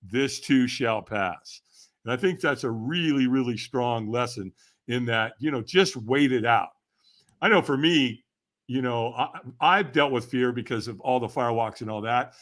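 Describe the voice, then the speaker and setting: An older man, a podcast guest, telling stories in a casual interview, animated and often laughing as he talks. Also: mid-range voice, normal speed.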